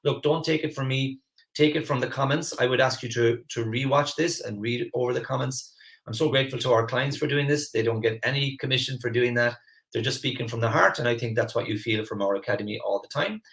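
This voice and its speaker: A man hosting a live online masterclass as a mentor, earnest and animated, often repeating words as he starts a phrase. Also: mid-range voice, brisk. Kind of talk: live online coaching class.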